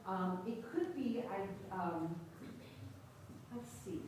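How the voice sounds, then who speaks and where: A woman's voice: mid-range voice, slow pace. Woman teacher trainer rambling thru a workshop, lots of ums, far off in a big echoey classroom. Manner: chatty, many fillers. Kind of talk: workshop presentation. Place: large classroom. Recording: echoey room from far off, noisy.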